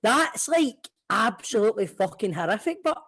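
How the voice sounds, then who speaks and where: A man's voice: high voice, sing-song, moderate pace, noisy background. A man hosting a podcast, joking and swearing with his guest in casual chat. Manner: jokey, laughing, swearing. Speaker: podcast host.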